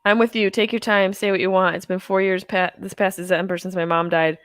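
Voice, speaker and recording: A woman's voice: mid-range voice, flat delivery, a little fast, a bit bright, no echo. A woman in her thirties hosting a live movie watch-along from home, rambling and joking with crude humor while stoned. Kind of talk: casual live-stream chat. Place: house, at home.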